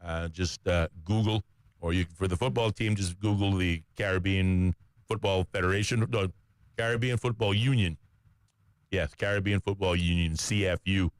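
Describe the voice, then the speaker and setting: A man's voice: sits low, steady tone, moderate pace, no echo. A man co-hosting a radio talk show. He reads sports news in a conversational way, with frequent "uh" fillers and self-corrections.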